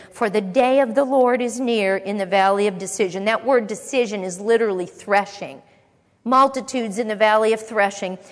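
A woman leads a Bible lesson, reading passages of scripture aloud and then unpacking them with casual asides. She often turns to her listeners with questions as she goes. Her voice sits a little high, and a long echo trails after it in the large hall. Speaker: Bible teacher. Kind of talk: Bible teaching.

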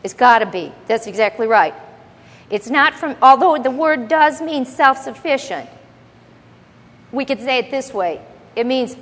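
A woman's voice: high voice, animated, a little slow, pauses often, a bit bright, big-room sound. A woman teaching the Bible to a congregation, emphatic and explaining word by word, often asking the audience questions.

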